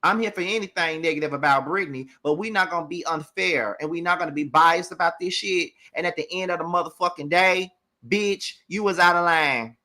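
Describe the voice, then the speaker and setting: A man's voice: a little high, a little fast, sharp tone. A man hosting a reality TV review, ranting with lots of profanity and talking straight to his viewers. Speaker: show recap host. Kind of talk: heated reality TV review rant.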